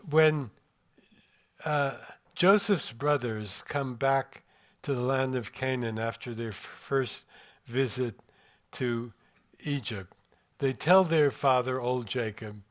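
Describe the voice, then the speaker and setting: Slow, measured older man lecturing. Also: medium pitch. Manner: measured, reflective, pausing over word rhythm. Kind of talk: lecture with read-aloud passages. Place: room with a live audience.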